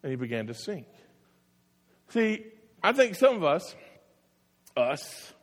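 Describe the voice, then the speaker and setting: A man preaching a sermon, telling the story in an animated way and acting out the voices. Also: a little high, slow pace. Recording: long hall reverb.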